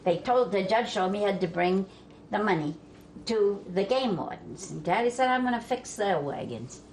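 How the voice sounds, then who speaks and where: An older woman from Vermont telling family stories in a folksy way, laughing as she goes and dropping her voice low for the men she quotes. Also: animated, normal speed, darkish tone. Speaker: storyteller guest. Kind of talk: family storytelling. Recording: faint background noise.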